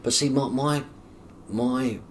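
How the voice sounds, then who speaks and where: A middle-aged man, appearing as an interview guest, tells his life story in an animated way, acting out the dialogue and swearing coarsely and freely. His mid-range voice moves slowly, with slight background noise.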